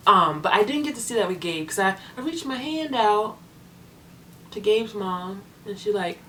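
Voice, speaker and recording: A young woman talking casually to her viewers as a foster parent vlogger, chatty and animated, acting out the people in her stories. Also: medium pitch, moderate pace, a little hiss or hum. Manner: chatty, animated storytelling with voiced quotes. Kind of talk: casual vlog chat to viewers.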